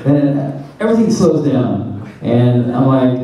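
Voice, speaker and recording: A man's voice: medium pitch, unhurried. Man telling a story in an echoey hall. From American South. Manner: animated, laughing storyteller. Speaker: convention panel guest. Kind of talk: storytelling to an audience. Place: large convention hall. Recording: far, echoey hall with noise.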